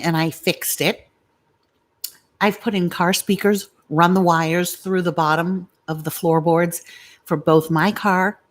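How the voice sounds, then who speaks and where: A middle-aged woman vlogging from her home, chatting to viewers with rambling, confiding asides and stories. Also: low-pitched. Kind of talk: chatty live vlog talking to viewers.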